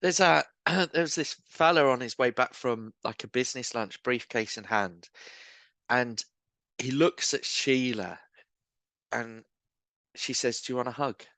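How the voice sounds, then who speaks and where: Casting: male guest, mid-pitched, dry close sound, spins funny faith anecdotes. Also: a little slow, pauses often, no room sound. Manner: animated, self-mocking anecdotes. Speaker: guest, street evangelist. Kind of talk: casual storytelling chat. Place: pub bar.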